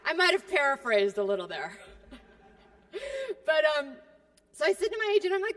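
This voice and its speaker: A woman from California delivers a keynote as loose, self-mocking comic storytelling. Her voice sits high and she talks in a brash, chatty way. The sound carries the long echo of a large hall. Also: big pitch swings, moderate pace, long pauses, fairly bright tone. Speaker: keynote speaker.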